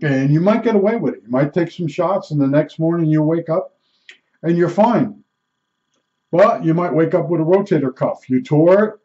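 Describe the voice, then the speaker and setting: A man's voice: fairly high pitch, expressive, moderate pace, warm tone, highs cut off. A man in his seventies talking through his stories in a rambling, self-correcting way. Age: 70s. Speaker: retiree telling stories. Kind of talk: rambling personal monologue.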